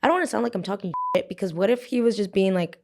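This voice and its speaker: A woman's voice: mid-range voice, very fast. A young woman hosting a podcast, casually telling a story and acting out the people in it. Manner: animated, acts out quotes with a put-on voice. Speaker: podcast host. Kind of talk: storytelling chat.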